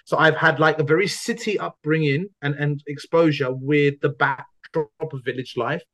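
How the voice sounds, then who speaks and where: Chatty man, slightly higher voice. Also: normal speed. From London. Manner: animated storyteller, stumbles and repeats words. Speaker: podcast co-host. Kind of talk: casual film chat.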